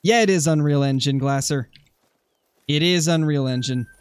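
A man's voice: on the high side, normal speed, clear, resonant tone. A young man streaming a hunting game, chatting casually and answering his viewers' comments. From Oregon, USA. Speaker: gaming streamer. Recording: faint music behind.

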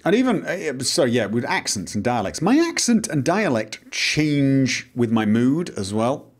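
With a sing-song, unhurried, mid-range voice, a man with a Mancunian English accent from Manchester, England hosts a Let's Play. He rambles theatrically over a video game he's playing, his inflections exclaiming.

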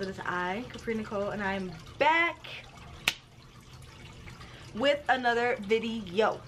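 A woman's voice: mid-range voice, a little slow, pauses often, fairly bright tone, a little hiss or hum. A woman hosting her own book vlog, chatting casually and playfully straight to her viewers. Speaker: booktuber vlogger.

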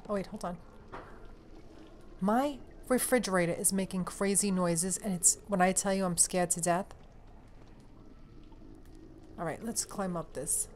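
Excitable swearing woman gamer. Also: mid-range voice, a little hiss or hum. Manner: excitable, swears a lot, talks to viewers. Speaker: let's play gamer. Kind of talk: casual gameplay commentary. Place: home room. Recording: game music behind voice.

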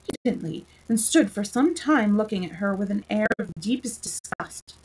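A woman storyteller reading a classic storybook aloud in a lively, expressive way. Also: medium pitch, moderate pace, husky, poor audio.

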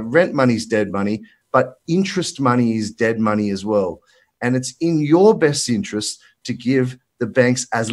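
An Australian man presenting as a finance broker at a virtual summit, talking bluntly and emphatically with colloquial asides, slightly out of breath. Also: medium pitch. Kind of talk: energetic presentation talk. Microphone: presenter mic for a live virtual summit.

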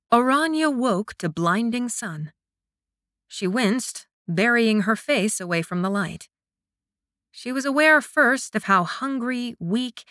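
A woman narrating an audiobook in a measured, scripted reading. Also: medium pitch, a bit bright, dry recording, clean studio sound.

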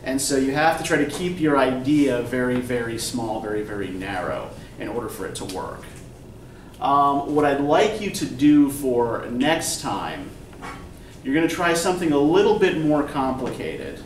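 A male college English instructor with a medium-pitched voice and lively intonation lectures patiently, explaining things and often asking "right?" to check understanding. The recorder sits at a distance, so he sounds roomy and echoey, with faint classroom noise behind him.

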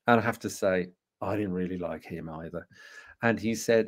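A speaker and co-author in his sixties, a Birmingham-accented Englishman with a low voice and vocal fry, tells a personal story to an audience. He often hesitates and restarts, and he leans on rhetorical questions.

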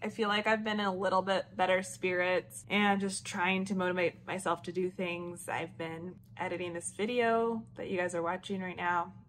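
A woman's voice: fairly low pitch, level tone, moderate pace, few pauses, fairly bright tone. Chatty woman vlogger in an echoey room. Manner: rambling, many "like" fillers, laughs often. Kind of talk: casual vlog chat. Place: room at home.

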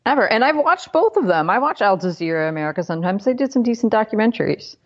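A woman's voice: medium pitch, sing-song, fast talker, dull audio. A woman co-hosting a podcast, chatting casually and wryly about politics with sarcastic asides. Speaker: podcast co-host.

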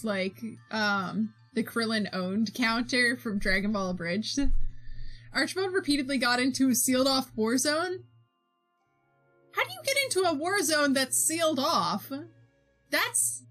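A woman's voice: high-pitched, a bit bright. A young woman streamer chatting casually with her viewers while she draws, giggling often and reading their messages aloud. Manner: giggly, reads chat aloud, bubbly. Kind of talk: casual chat while drawing.

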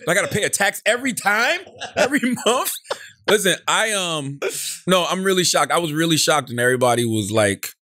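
A man's voice: high-pitched, animated, brisk, sharp tone, no echo, clean studio sound. A male podcast co-host in casual comedic chat, blunt and profane, with sing-song emphasis and "you know what I'm saying?".

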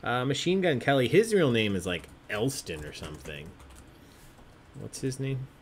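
A man's voice: mid-range voice, very animated, normal speed, a little hiss or hum. A man hosting an online trivia game, chatty and jokey, often laughing as he reads out answers. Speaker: trivia host.

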